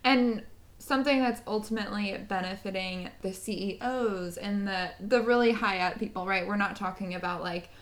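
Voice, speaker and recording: A woman hosting a podcast, asking questions in a friendly, curious, casual way. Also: mid-range voice. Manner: friendly, curious, quick to laugh. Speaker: podcast host. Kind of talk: casual interview chat.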